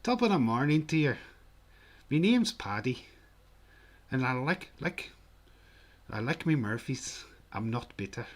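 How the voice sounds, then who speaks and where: A man's voice: mid-range voice, sing-song, brisk, hardly any pauses, voice pushed up. A man putting on an exaggerated, jolly stereotyped Irish man with a sing-song lilt.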